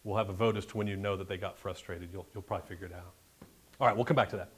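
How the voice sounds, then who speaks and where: A man's voice: deep voice, fairly even intonation, very fast, breathy edge. A man giving a chatty, joking slide-show talk about a birding trip to a live club audience. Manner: jokey, chatty asides. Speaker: guest presenter at a bird club meeting. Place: meeting room with an audience.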